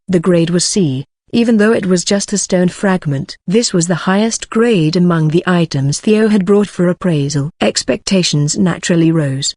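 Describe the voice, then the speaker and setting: Audiobook narrator, woman; steady, even read, lowish and dry. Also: moderate pace, hardly any pauses, no echo. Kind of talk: scripted narration.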